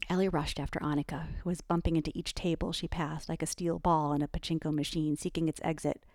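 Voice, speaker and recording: In clean studio sound with no echo, a woman with a low voice narrates a novel. Her scripted audiobook reading follows an even, measured storytelling manner.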